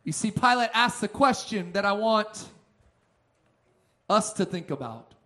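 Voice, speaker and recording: High-voiced man preaching a sermon. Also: expressive, measured pace. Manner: emphatic preaching, swings between loud and soft. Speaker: pastor.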